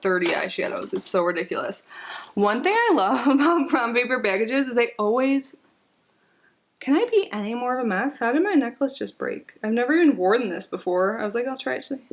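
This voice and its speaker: Sitting on the floor at home, a woman vlogger with a fairly high-pitched voice unboxes a package while chatting casually, rambling, giggling, and saying "like" a lot.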